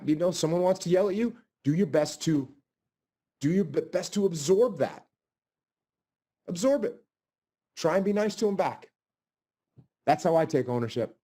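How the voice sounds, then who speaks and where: A man answering audience questions in a blunt way, often repeating phrases for emphasis. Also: high voice. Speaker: guest speaker.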